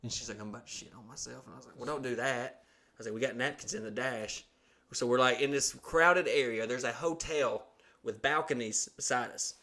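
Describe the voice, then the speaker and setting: Guy rambling a crude story on a podcast, bright voice, swearing a lot, doing everyone's lines. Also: medium pitch, moderate pace. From Alabama. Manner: profane, animated storyteller who acts out quotes. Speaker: podcast host. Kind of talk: casual storytelling.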